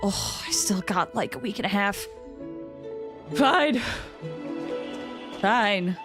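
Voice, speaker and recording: A woman's voice: medium pitch, fairly even intonation, moderate pace. A woman streamer giving casual, chatty commentary while playing, gushing and laughing often. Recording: game music under the voice.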